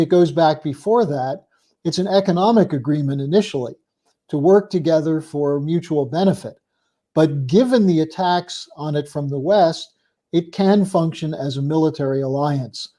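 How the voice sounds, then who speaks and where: Mellow-voiced male political commentator. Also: a little high. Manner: animated storytelling commentary, quoting officials in passing. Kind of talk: opening monologue on a live show.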